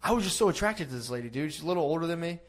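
Fast-talking crude storyteller man. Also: on the high side, lively intonation. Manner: rambling, swears a lot, quick storytelling. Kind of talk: crude casual podcast chat.

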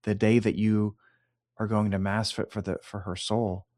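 A man hosting a faith interview, measured and affirming as he responds to his guest. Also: lowish voice, little pitch movement, darkish tone, dry recording, clean studio sound. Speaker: host.

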